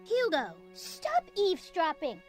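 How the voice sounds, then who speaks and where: A woman voicing a gentle, polite young woman in a video game, speaking softly and earnestly. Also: very high-pitched, wildly swooping pitch, a little slow, soft background music, exaggerated voice.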